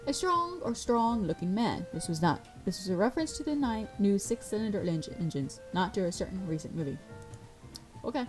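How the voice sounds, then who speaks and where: A woman's voice: medium pitch, big pitch swings, fairly quick, faint music behind. A woman reading a visual novel aloud and voicing every part, breaking off for casual asides. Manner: reads all the parts, breaking off for casual asides. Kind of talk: reading game dialogue aloud with commentary.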